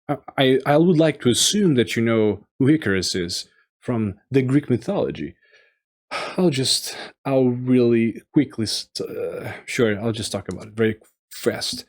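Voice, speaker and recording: A man giving a casual solo review, rambling and halting with many fillers and restarts. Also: medium pitch, lively intonation, a little mellow. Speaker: video game reviewer.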